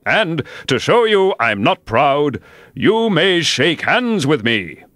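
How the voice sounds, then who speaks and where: A man's voice: a little high, big pitch swings, fairly bright tone, no room sound, clean studio sound, voice pushed up, heavily acted. A man reading a storybook aloud and putting on a pompous, touchy egg-man who talks grandly. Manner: pompous, grand, quick to take offence.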